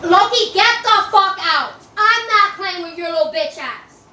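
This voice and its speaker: A woman's voice: very high voice, expressive, a little slow, sharp tone, reverberant, slight background noise, rough recording. A woman streaming casually from her home, blunt, profane and ranting as she talks back to viewers. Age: adult. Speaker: TikTok live streamer. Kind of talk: casual livestream chat.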